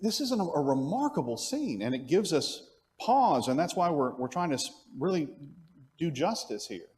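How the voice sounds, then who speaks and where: A man's voice: a little high, normal speed, big-room sound. A man teaching an adult Bible class at church, asking the class questions as he goes. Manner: animated, asks the class questions.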